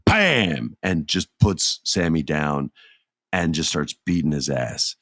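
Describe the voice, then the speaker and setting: A man in his thirties hosting a solo podcast, telling a story excitedly and acting out quotes. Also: deep voice, a little slow, no room sound, studio quality. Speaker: podcast host.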